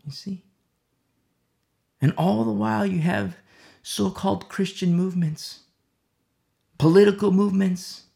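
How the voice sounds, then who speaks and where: A man preaching a sermon as pastor, swinging between loud emphatic lines and hushed near-whispers. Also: high-pitched, measured pace, creaky, pauses often. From America.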